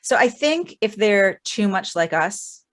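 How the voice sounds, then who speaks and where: A woman co-hosting a casual podcast chat, thinking out loud with restarts. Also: mid-range voice, lively intonation, unhurried. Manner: thinks aloud, restarts, hedging. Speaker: podcast co-host.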